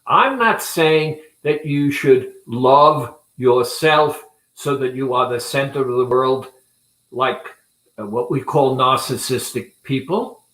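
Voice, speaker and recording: A man who runs a weight-loss clinic, talking earnestly and deliberately to viewers in a promotional talk. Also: medium pitch, fairly bright tone. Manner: deliberate, earnest, speaks with pauses. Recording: roomy echo.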